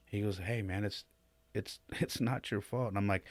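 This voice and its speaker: A man's voice: on the low side, steady tone, normal speed, no echo. A podcast host, a man, telling a personal story in a rambling, casual way, with many restarts and repeated "man". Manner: rambling, many restarts and "man", rising and louder when emotional.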